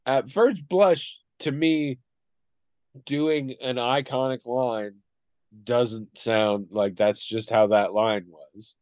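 A man's voice: mid-range voice, slow, a little mellow, smooth, dry recording. Thoughtful man talking in a dry room. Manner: thoughtful, hesitant, trails off. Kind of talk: casual discussion.

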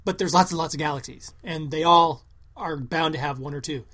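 A podcast co-host in relaxed conversation who works through ideas earnestly and at length. The voice sits at a medium pitch. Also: fairly quick. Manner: earnest, reasons things out at length. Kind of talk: casual chat.

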